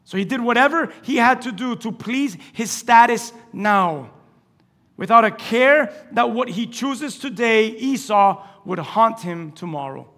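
Preaching a little slowly, a high-voiced male pastor brings scripture to life by acting out every character. His sermon alternates between hushed asides and loud, excited outbursts.

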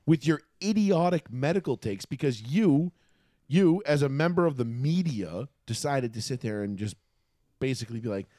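A man's voice: medium pitch, animated, normal speed, mellow, no echo, clean studio sound. A man co-hosting a casual sports podcast, ranting and cursing, often breaking into laughter. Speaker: podcast co-host.

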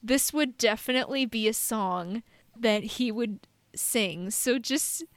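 A woman's voice: a little high, slow, no room sound. A young woman co-hosting a podcast, telling stories in a rambling, self-deprecating way. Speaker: podcast co-host. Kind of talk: casual chat.

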